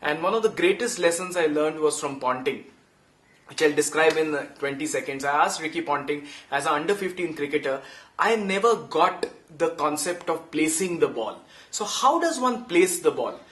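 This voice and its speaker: A man with an Indian English accent, a cricket comedian and impressionist, telling lively, punchy anecdotes and slipping into Hindi. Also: fairly high pitch, moderate pace. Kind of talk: animated storytelling talk. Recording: roomy echo.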